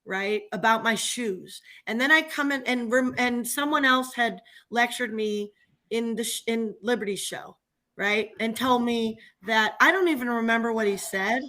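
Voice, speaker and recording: A woman's voice: fairly high pitch, moderate pace, bright, forceful tone. A woman chatting casually on a livestream, venting animatedly and laughing often as she tells a story. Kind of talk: casual chat.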